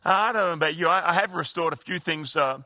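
A man delivers a sermon in a high, bright voice. He preaches conversationally, stumbling and restarting phrases as he goes. The sound is close and dry, with no room around it. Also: fast, no echo. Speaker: pastor.

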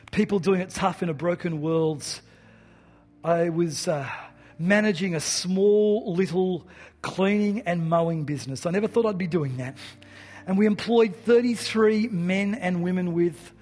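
A man preaching a sermon, telling stories earnestly and closing in prayer. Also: high-pitched. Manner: earnest storytelling, softening to quiet reflection.

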